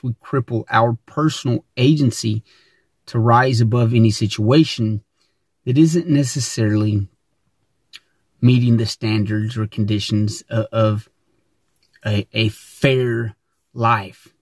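Husky middle-aged male host, earnest motivational monologue, dry close sound. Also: medium pitch, a little mellow, no room sound. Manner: earnest and emphatic, with frequent word repeats.

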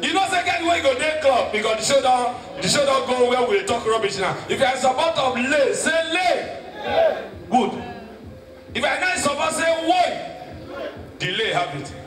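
A Nigerian comedian with a very high voice tells stand-up stories. He shouts his punchlines. He is heard from far off on an echoey stage, with a loud live crowd behind him. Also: expressive, moderate pace, over music.

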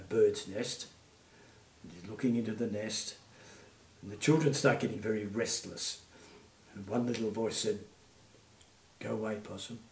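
An Australian man in his eighties, a retired puppeteer, telling gentle stories in an interview with many fillers. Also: on the low side, far from the mic. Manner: gentle anecdotal storytelling, frequent fillers. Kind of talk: reminiscing interview. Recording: echoey room, off-mic.

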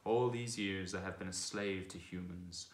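A man voicing a proud, brisk male talking war horse who speaks with scorn and command. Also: low-pitched, steady tone, natural voice. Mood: rueful. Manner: brisk, commanding, contemptuous at times. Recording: echoey room.

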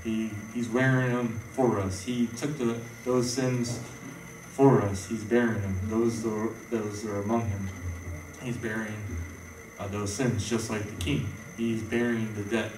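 Rambling preacher in an echoey hall. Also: male voice, fairly low pitch, level tone, a little slow, darkish tone, a little hiss or hum. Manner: rambling, conversational, frequent fillers and restarts. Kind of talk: informal sermon. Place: church hall. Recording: echoey room, voice from far off.

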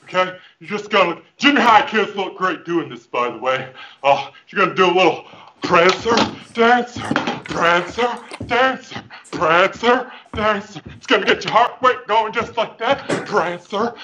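A man's voice: high-pitched, lively intonation, unhurried, muffled recording, background noise. A man playing a goofy, overconfident fitness coach who also preaches, with hammy, over-the-top motivational patter over a video call. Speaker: fitness guest. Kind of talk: comic character interview over video call. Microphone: headphones with mic.

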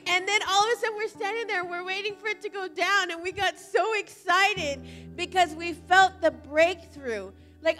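A woman's voice: extremely high pitch, fairly bright tone. A woman giving a casual, chatty sermon at a church service, telling stories and often saying "like.". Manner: chatty storytelling, frequent "like". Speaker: church leader.

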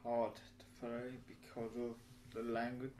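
A man vlogging to camera, his speech slurred, slow and halting with restarts. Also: medium pitch, monotone, a little mellow, slight background noise, poor audio. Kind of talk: casual talking to camera.

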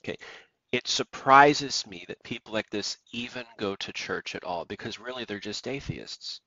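A man preaching with a fairly low voice, emphatic and prone to repeating himself as he reads verses aloud. The recording is dry, with no room sound, and slightly muffled in tone. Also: moderate pace, pushed and bright, no echo. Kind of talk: preaching sermon monologue.

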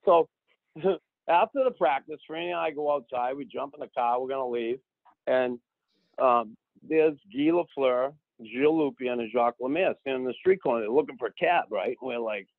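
A man, telling a story as a podcast guest in an animated way, acting out the people he quotes. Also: mid-range voice, moderate pace, dry recording. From Boston. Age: 60s. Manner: animated, acts out quoted people, keeps adding "right?". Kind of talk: casual storytelling. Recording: dry, phone-like narrow sound.

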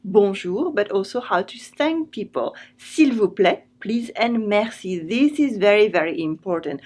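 A French woman, a language teacher, explaining vocabulary clearly and patiently and repeating words slowly so they can be copied. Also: medium pitch, expressive, darkish tone. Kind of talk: vocabulary lesson.

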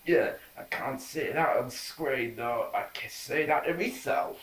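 Comic impression: a chatty middle-aged Geordie caretaker, as a man puts him on, unhurried, recorded at a distance. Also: medium pitch, a bit bright, natural voice. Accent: put-on Geordie. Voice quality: broad dialect, rambling, cheeky. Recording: roomy echo, mic at a distance.

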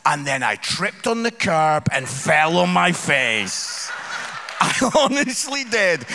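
A Scottish man, a comedian, telling stories to a church congregation with loud outbursts and low asides. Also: big pitch swings, slow, gravelly, noisy background. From Scotland. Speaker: comedian guest speaker. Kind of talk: live comic storytelling to a church congregation. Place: church hall before a live audience.

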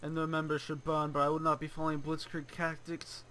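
A man's voice: on the high side, completely flat delivery, a little fast, pushed and bright, a little hiss or hum, rough recording. A young adult man hosting a let's play, giving gameplay commentary with theatrical, mock-villainous declarations.

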